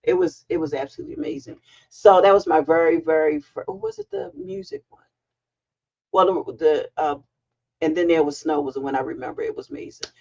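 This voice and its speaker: A middle-aged woman hosting a casual livestream from home, chatty and excitable as she greets viewers. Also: low-pitched, a little fast, creaky. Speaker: livestream host. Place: home, sitting on a heating pad. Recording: dull lo-fi livestream audio.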